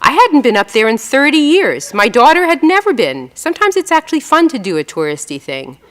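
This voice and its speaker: Speaking to a crowd in an event hall, this lively woman in her 60s from New York is an author sharing wry stories through slides and a reading. Her voice sits high with a big-room sound, and her delivery is chatty and self-deprecating, packed with fillers and rapid spoken asides.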